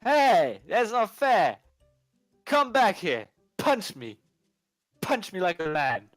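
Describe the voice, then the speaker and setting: A man voicing a rowdy drunken young male student who yells loudly and boisterously. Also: sits high, big pitch swings, very slow, clear, resonant tone, dry recording, clean studio sound, soft background music, pitched above the performer's own voice, heavily acted. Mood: indignant. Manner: loud, boisterous, yelling.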